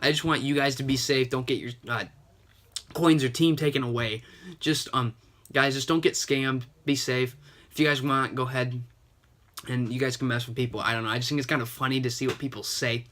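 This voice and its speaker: A young man who makes gaming YouTube videos sarcastically recounts a chat with a scammer, sounding a little sick and sniffling, and keeps saying "and he's like." His mid-range voice holds a steady tone, fairly quick and a bit bright, in a casual gaming vlog commentary.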